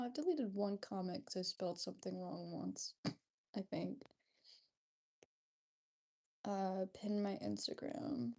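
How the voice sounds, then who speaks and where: A young woman livestreaming, chatting casually and reading out viewer comments in an unhurried, drifting way. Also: medium pitch, creaky, warm tone.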